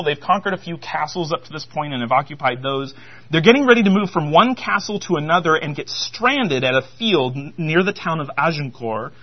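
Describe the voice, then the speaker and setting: A man giving a conversational sermon, animated and loose, with frequent restarts and fillers. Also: a little high. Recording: dull lo-fi sound.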